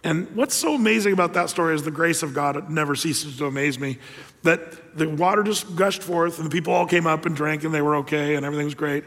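A male pastor preaching a sermon, telling the story with lively energy and rhetorical questions. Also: on the high side, quick pace, in a large hall.

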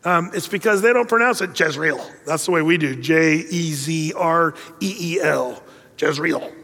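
A man's voice: a little high, moderate pace, pushed and bright, long reverb tail. A middle-aged man preaching a sermon, telling a story in a conversational way and adding joking asides. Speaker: pastor.

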